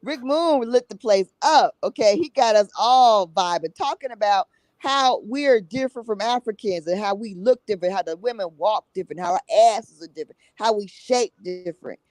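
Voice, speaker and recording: A forceful woman guest talking in a passionate, conversational run. She speaks bluntly with salty language and keeps checking in with "okay?". Her voice sits in a middle register and sounds dry and close. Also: mid-range voice, normal speed, no echo, rough recording. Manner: emphatic, repeats herself, drops tag 'okay?'. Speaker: guest, summit organizer.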